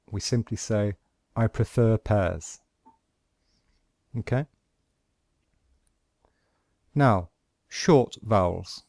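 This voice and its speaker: A man teaching English pronunciation, explaining sound symbols and saying example words one at a time with pauses between them. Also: lowish voice, a little mellow, dry recording, studio quality. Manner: slow and deliberate, pausing between example words. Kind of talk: slow instructional explanation.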